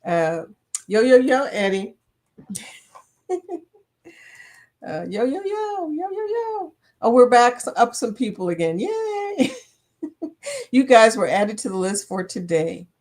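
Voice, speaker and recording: A woman's voice: medium pitch, a little slow, long pauses, darkish tone. A woman in her fifties hosting a casual live chat, reading viewer comments aloud, laughing often and playful. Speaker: livestream host.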